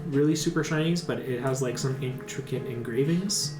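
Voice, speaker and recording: A man's voice: mid-range voice, moderate pace. Man narrating a tabletop game. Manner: casual, filler-heavy narration. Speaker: dungeon master. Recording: roomy room, music behind.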